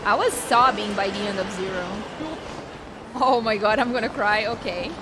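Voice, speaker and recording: A woman streaming a video game, chatting and reacting with excitement. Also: mid-range voice, moderate pace, background noise. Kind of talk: casual gameplay commentary.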